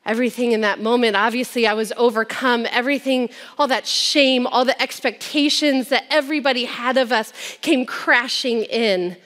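Brief: woman speaker, slightly high voice, heartfelt testimony, long hall reverb. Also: fairly even intonation, normal speed, few pauses. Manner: earnest storytelling, dropping soft at heavy moments. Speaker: speaker sharing a personal testimony. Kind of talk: personal testimony to an audience.

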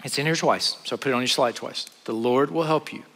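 A man preaching a sermon to an audience, animated and acting out scripture scenes in quick voices. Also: mid-range voice. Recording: long hall reverb.

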